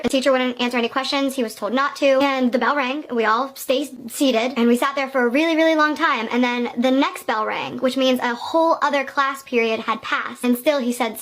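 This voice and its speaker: A woman's voice: sits high, fairly quick, few pauses, a bit bright. A woman telling a suspenseful school story in an earnest way. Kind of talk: casual storytime.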